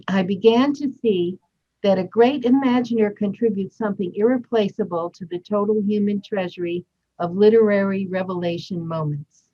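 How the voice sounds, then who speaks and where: Woman introducer, even mid pitch, slightly muffled recording. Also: moderate pace.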